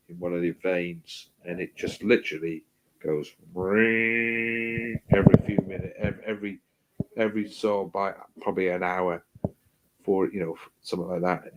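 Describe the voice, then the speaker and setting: A man's voice: sits low, little pitch movement, moderate pace, noisy background. A man telling a hospital story in casual chat, swearing freely, repeating himself and acting out what people said.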